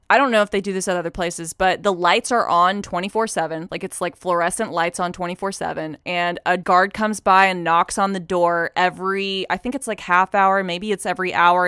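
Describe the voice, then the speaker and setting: A young woman telling a casual story, animated and profane, acting out the voices of the people in it. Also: lowish voice, fairly quick, hardly any pauses, smooth, no room sound, clean studio sound. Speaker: storyteller guest.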